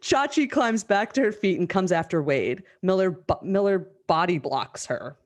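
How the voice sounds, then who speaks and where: A woman hosting a live script reading over a video call, reading the stage directions in a brisk, amused way. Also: fairly low pitch, lively intonation.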